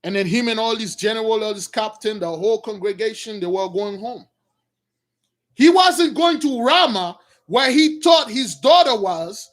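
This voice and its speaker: A man's voice: sits high, animated, normal speed, fairly bright tone. A man preaching, retelling a story to his listeners and addressing them as brothers. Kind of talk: sermon storytelling.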